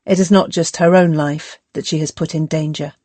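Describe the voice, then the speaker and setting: A woman reading an audiobook in a measured, steady scripted narration. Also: low voice, no echo.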